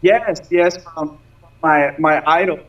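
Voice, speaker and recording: A man's voice: on the high side, slow. Rambling man on lo-fi stream audio. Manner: rambling, many fillers and restarts. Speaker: guest singer. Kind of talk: casual interview chat.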